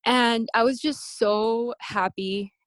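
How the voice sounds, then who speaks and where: Lively young woman telling a story. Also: slow, no echo. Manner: animated, acts out quoted voices in high pitch. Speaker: interview guest, bikini competitor. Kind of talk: casual storytelling.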